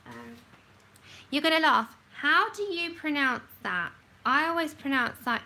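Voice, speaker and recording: A woman talks slowly and casually on her livestream, mumbling to herself as she works and laughing at herself. Her voice is bright and gravelly, a little high. A faint hiss sits under her voice. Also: expressive, low-quality recording. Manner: chatty, self-laughing, talks to herself while working. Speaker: livestream host swatching colour pencils.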